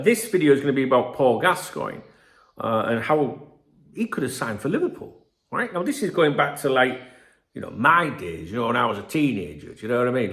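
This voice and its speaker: A man's voice: medium pitch, a bit bright. A man in his fifties hosting a football channel, talking casually to camera in a rambling, chatty way, full of asides and the odd swear word. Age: 50s. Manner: rambling, chatty, peppered with "you know what I mean" and swearing.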